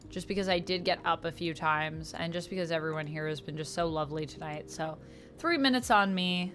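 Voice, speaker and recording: A woman's voice: on the low side, brisk, a bit bright, a little hiss or hum. A woman chatting casually on a livestream while she colors, reading out and thanking viewers. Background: faint background music.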